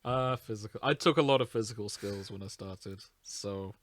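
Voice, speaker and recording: A man's voice: on the low side, normal speed, no echo. A man co-hosting a podcast in casual chat, playful and crude, laughing often. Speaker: podcast co-host.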